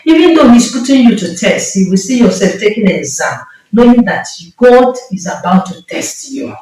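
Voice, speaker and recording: A woman's voice: fairly high pitch, expressive, normal speed, dark tone. A woman with a Nigerian accent preaching a sermon with impassioned, emphatic delivery and repeated phrases. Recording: echoey room, mic far off.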